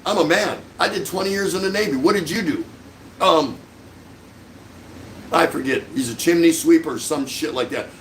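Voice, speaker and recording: A man's voice: a little high, moderate pace, pauses often, slight background noise, low-quality recording. A middle-aged man hosting a livestream, delivering an angry, sarcastic rant full of insults. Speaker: livestream host.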